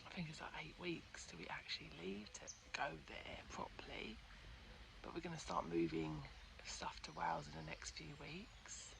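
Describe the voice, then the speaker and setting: Gravelly-voiced chatty woman vlogging outdoors. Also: fairly low pitch, animated, moderate pace, background noise. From Peckham, London. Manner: chatty, effusive, thinks aloud, often drops to a near-whisper. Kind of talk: casual vlog talk to camera.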